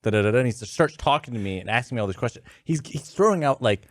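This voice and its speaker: A man in his thirties telling an anecdote in a rambling, halting way. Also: medium pitch, lively intonation, no room sound. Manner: rambling, halting, with many restarts. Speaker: podcast guest. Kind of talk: casual anecdote.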